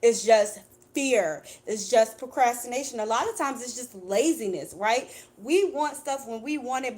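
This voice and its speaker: A woman's voice: fairly high pitch, a little mellow. A woman doing a casual tarot reading for her viewers, chatty and blunt, swearing freely and calling them "baby.". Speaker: tarot reader.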